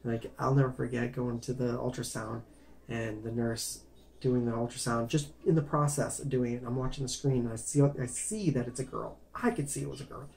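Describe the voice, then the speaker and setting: Talking a little fast, with vocal fry and a darkish tone in a mid-range voice, a man relates his life story to the camera. His delivery is casual and rambling, full of repeated words, restarted phrases, and apologies for veering off.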